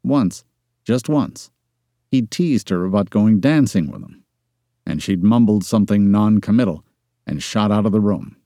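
A male audiobook narrator reading a romance novel in even, measured scripted narration. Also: lowish voice, no room sound, studio quality.

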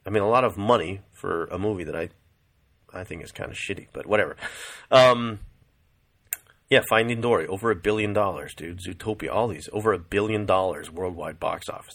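A middle-aged man riffs casually to the camera, full of swearing and "dude". His voice sits low yet sounds bright and forceful. He swings his pitch up and down a lot as he talks. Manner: profane, rambling, says "dude" a lot. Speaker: vlogger. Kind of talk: casual rambling commentary.

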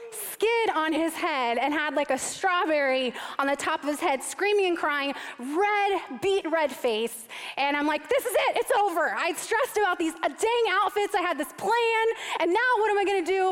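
A high-voiced woman in her thirties preaches from a stage, mixing animated, self-mocking storytelling with scripture. Her voice carries a long reverb from a large church hall. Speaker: speaker giving a sermon. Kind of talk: storytelling sermon.

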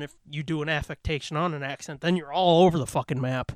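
A man co-hosting a podcast in casual chat, hyper and fast-talking, swearing constantly. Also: fairly high pitch, expressive, no room sound, studio quality. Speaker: podcast co-host.

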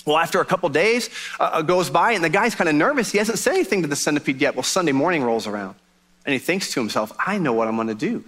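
A man preaching a sermon as pastor, telling a joke in an animated storytelling manner. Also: on the high side, quick pace.

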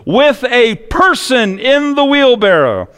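A man's voice: extremely high pitch, very animated, slow pace, fairly bright tone, clear, resonant tone, pitched above the performer's own voice, heavily acted. A man voicing a bold showman tightrope walker who challenges a crowd with questions. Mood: challenging. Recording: long echoey reverb.

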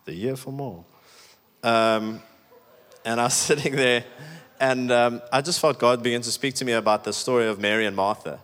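A man's voice: medium pitch, fairly even intonation, moderate pace, fairly bright tone, clear, resonant tone. A man preaching a sermon in a chatty, emphatic way, with many "like"s. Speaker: pastor. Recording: echoey hall with long reverb.

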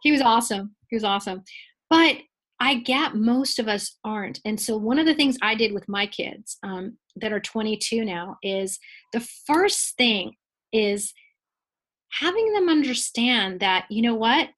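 Her voice on the high side and her pace measured, a woman in her forties explains ideas playfully and with animation as a guest in a conversational interview, laughing often.

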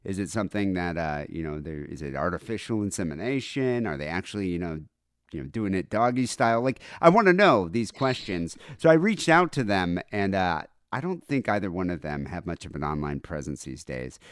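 A low-voiced man co-hosts a comedy podcast from home, rambling irreverently with plenty of ums. His pitch swings widely and the close mic sounds dry. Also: lively intonation, brisk, smooth, dry recording. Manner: rambling, irreverent, many fillers. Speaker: podcast co-host. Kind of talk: casual comedic chat.

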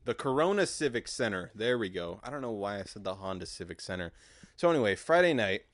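A man's voice: lowish voice, very animated, fairly quick, dry recording, clean studio sound. A man hosting a casual solo podcast from his garage. He rambles loosely and swears freely, joking as he goes. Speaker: podcast host. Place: home garage.

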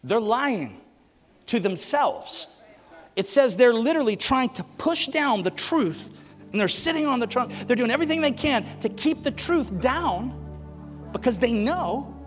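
High-voiced animated man preaching. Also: unhurried, big-room sound, soft background music. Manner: animated, joking, asks the crowd questions. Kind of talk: sermon with humorous stories. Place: church.

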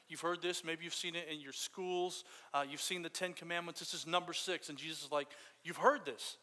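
A man preaching a casual, story-driven sermon, his voice bright and a touch higher than most. The sound rings with a long hall reverb behind him. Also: steady tone, brisk.

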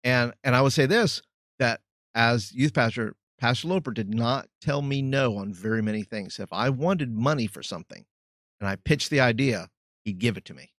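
A middle-aged man and former youth pastor, talking in a measured, thoughtful way and searching for words. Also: medium pitch, lively intonation, fairly bright tone, no room sound, studio quality. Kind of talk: reflective podcast chat.

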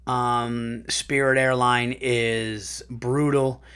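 A male podcast host reads a listener's story aloud and stops often to react. His voice sits at an ordinary middle pitch. He talks in a loose, profane way and laughs along as he goes. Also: very slow, clean tone. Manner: animated, profane, laughs while reading. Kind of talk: casual podcast chat.

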